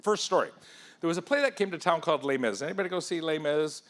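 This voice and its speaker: A man giving an interactive talk at a conference, firing questions at the audience in an energetic, persuasive way. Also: fairly high pitch, fast. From England. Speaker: keynote speaker. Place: conference hall.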